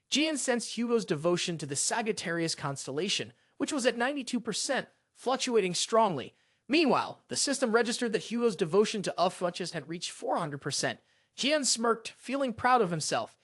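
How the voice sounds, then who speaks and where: High, expressive male story narrator. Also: brisk.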